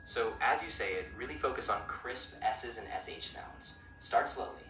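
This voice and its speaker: A synthetic male voice assistant coaching pronunciation in an upbeat, encouraging way with even-paced explanations. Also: on the low side, normal speed. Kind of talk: friendly coaching chat. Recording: roomy, distant speaker playback with clear noise.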